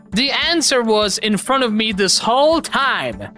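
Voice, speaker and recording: A high-pitched woman streamer talks in a slow, drawn-out way while she jokes loudly over a party game. Music plays clearly behind her voice. She laughs often and swears freely. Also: animated. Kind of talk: live game stream commentary.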